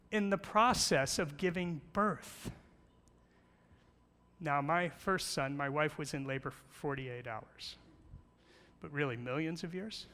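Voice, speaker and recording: A man's voice: on the high side, sharp tone. A middle-aged man giving a playful church talk, asking questions and telling jokes. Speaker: guest speaker on creation. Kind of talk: church presentation with slides. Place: large church hall. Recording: long hall reverb.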